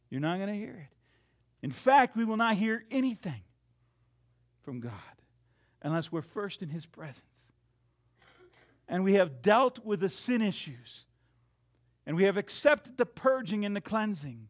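High, animated preacher with faint music. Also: male voice, unhurried, pauses often. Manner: dramatic swings from loud to hushed, acting out quotes. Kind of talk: sermon.

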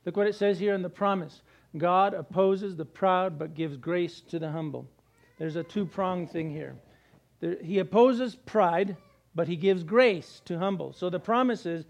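A middle-aged man preaching a sermon, animated, with jokey asides and acted-out quotes. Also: high-pitched, a little slow. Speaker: pastor.

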